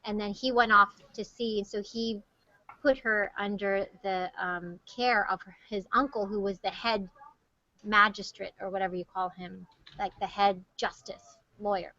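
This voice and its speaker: A woman's voice: medium pitch, fairly even intonation, moderate pace, pushed and bright. A woman hosting a casual chat over a video call, chatty and teasing. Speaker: show host. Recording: muffled video call audio.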